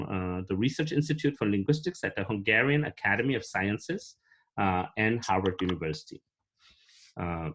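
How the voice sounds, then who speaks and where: A man hosting an academic colloquium, introducing the speaker formally with many hesitant fillers. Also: on the low side. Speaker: colloquium host.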